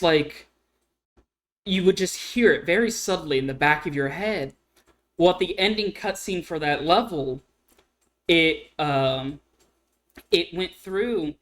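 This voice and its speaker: A woman guest in casual chat, telling stories in a rambling way full of fillers. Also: fairly low pitch. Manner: rambling storyteller, many fillers like "like". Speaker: guest streamer.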